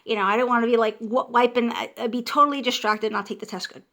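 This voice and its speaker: Animated woman telling a story. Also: a little high, fast talker. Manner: animated, emotional, frequent restarts and self-interruptions. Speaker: vlogger. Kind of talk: casual storytelling.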